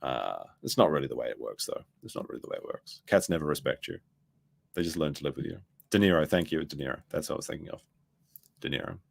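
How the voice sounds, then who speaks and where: A man's voice: extremely low pitch, expressive, fast, vocal fry. A man giving casual commentary, rambling and profane, losing his train of thought as he talks. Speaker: commentary streamer.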